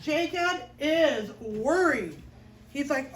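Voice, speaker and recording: A woman teaching children's chapel, telling a Bible story in an expressive, playful way and asking the kids questions. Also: high voice, moderate pace, low-quality recording.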